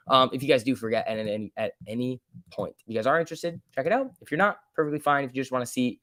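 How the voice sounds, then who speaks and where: A young man hosts a stock trading livestream in a casual, joking way, reading the chat aloud. His voice sits at a middle pitch and swings between loud bursts and soft asides. The sound is dry and close, with no room echo.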